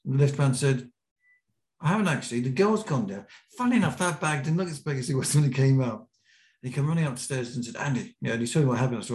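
A British man, a podcast guest, telling a lively anecdote and acting out the quotes. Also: medium pitch, fast. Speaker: podcast guest, BASE jumper. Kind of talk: storytelling in an interview. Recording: roomy echo.

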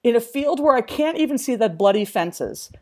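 A woman telling frank, lively stories in casual chat, acting out what people said. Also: a little high, normal speed. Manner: lively storyteller, acts out quotes.

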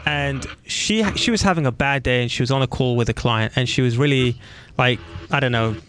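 A man hosting an interview in a casual, animated way, telling stories and acting out the voices of the people in them. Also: mid-range voice, fairly quick, a little hiss or hum. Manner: animated storytelling, acts out quoted voices. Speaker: podcast host.

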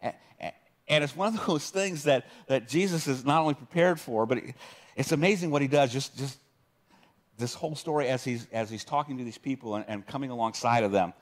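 A man's voice: mid-range voice, fairly quick. A man preaching a sermon in an easygoing, conversational way, often restarting phrases and reading scripture passages aloud. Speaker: pastor.

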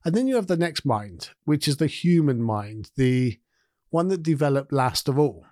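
A man's voice: fairly high pitch, big pitch swings, moderate pace, darkish tone, no echo, studio quality. A man hosting a podcast, explaining ideas in a loose, conversational way with restarts and asides. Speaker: podcast host. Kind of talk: casual explanatory monologue.

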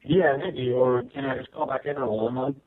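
A man's voice: medium pitch, brisk. A man who works as a game developer, calling in as a guest on a radio show and rambling casually with lots of filler. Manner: rambling, lots of "you know" and restarts. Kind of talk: casual call-in chat. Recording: tinny internet call line.

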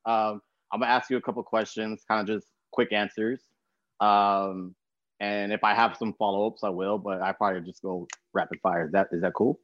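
A young man hosts a podcast in a relaxed, slangy way, full of jokes. His voice sounds dry and slightly dull, with no room around it. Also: fairly low pitch, moderate pace, no echo. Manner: laid-back, slangy, jokey. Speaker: podcast host. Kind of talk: casual interview chat.

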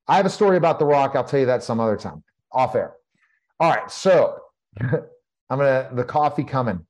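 A middle-aged man, a former pro wrestler, telling stories in an emphatic, repetitive, animated way as an interview guest. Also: medium pitch, normal speed. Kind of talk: casual interview storytelling.

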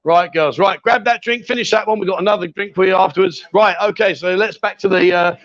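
A man's voice: high-pitched, steady tone, brisk, fairly bright tone. A man hosting a live stream from a bar, chatty and teasing, calling people sweetheart. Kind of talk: lively live-stream banter. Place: bar with a pool table. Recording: dull lo-fi stream audio.

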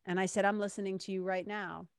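A woman recounts a personal story in an earnest, reflective monologue, stepping into the voices of the people she quotes. Her pitch sits in the middle for a woman. The sound is dry and close, with no room around it. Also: little pitch movement, quick pace, clean tone, no room sound.

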